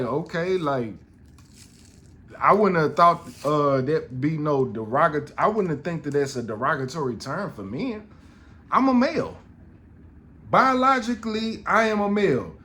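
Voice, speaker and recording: A middle-aged podcast host tells a story in an exasperated, profane rant riddled with restarts. His voice is high-pitched with a fairly bright tone.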